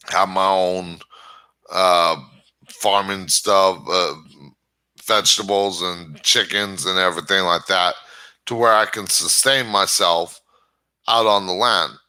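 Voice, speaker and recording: Guy ranting slow on his channel, real sharp tense voice, keeps tripping over his words. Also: low-pitched. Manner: rambling, stammers and restarts often. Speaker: channel host. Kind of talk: casual opinion monologue.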